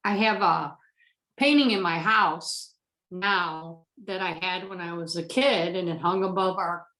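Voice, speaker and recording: Teary woman participant on a call, low voice, halting, roomy echo. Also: bright, forceful tone. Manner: halting, tearful, many "um" pauses. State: emotional, close to tears. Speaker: workshop participant.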